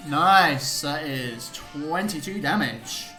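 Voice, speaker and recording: A man's voice: fairly high pitch, expressive, slow pace. Guy dming a tabletop game online, laid back and sweary, music under him. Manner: cheerful, swears casually, laughs often. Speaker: game master. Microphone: online voice call. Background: background music.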